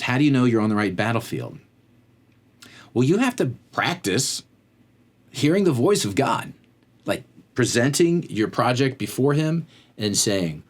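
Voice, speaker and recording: A man hosting a faith-based motivational talk, conversational and rambling, often drifting off on tangents. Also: mid-range voice. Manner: conversational, fills with "like". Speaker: podcast host.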